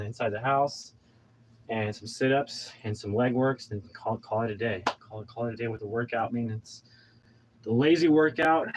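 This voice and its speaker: A man's voice: mid-range voice, a little mellow, rough recording. Out-of-breath man in his thirties. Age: 30s. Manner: pumped-up, preachy, rambling with restarts. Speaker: vlogger. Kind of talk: casual motivational talk while exercising.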